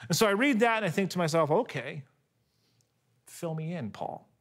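A man in his thirties preaching a sermon, telling a story with animated delivery, often restarting on repeated words. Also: high voice, normal speed. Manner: animated storytelling, voice rising when excited and dropping soft for quiet moments. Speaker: pastor.

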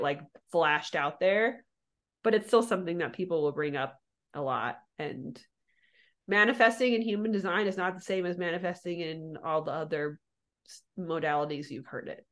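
A woman co-hosting a podcast in casual chat, rambling and restarting her sentences with frequent laughs. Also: lowish voice. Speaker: podcast co-host.

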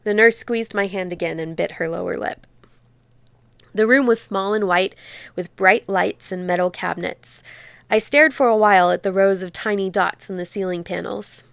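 Female teacher reading a memoir aloud. Smooth, clear voice, dry close sound, measured and expressive delivery. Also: mid-range voice, no room sound.

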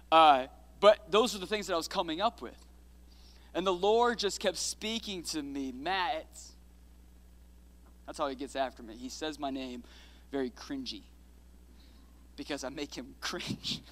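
A man in his thirties praying and then preaching a lively, playful sermon that builds into shouted declarations, as a pastor in a large church. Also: on the high side. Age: 30s. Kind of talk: prayer and energetic sermon. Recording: long reverb of a large hall.

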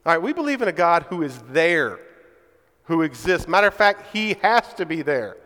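A man's voice: on the high side, sing-song, normal speed, fairly bright tone. A man preaching a sermon in a church, speaking emphatically and often checking in with his listeners by asking "right?". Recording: reverberant hall.

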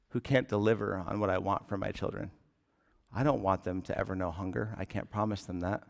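A man in his thirties preaching a sermon as pastor, earnest and deliberate, with emphatic rises on key words. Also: lowish voice, creaky. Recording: long hall reverb.

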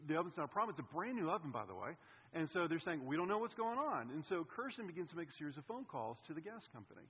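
A man preaching a sermon, telling a personal story in an animated way, his voice swinging between loud and hushed. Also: on the high side, breathy edge. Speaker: pastor. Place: church sanctuary. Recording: reverberant hall, dull sound.

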